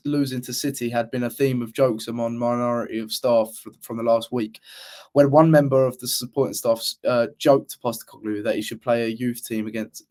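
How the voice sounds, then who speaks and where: A man's voice: mid-range voice, darkish tone. A man co-hosting a football podcast, chatting casually with many restarts and fillers. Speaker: podcast co-host. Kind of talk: casual chat.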